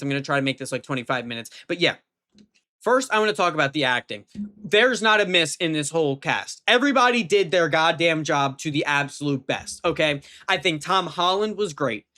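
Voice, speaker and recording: A young man in a casual vlog, reviewing a film off the cuff with plenty of fillers and the odd curse. His voice sits a little high and sounds bright and tense. When he gets worked up, it leaps higher still. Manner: rambling, full of fillers and restarts, swears casually; pitch jumps up when emphatic. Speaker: movie reviewer.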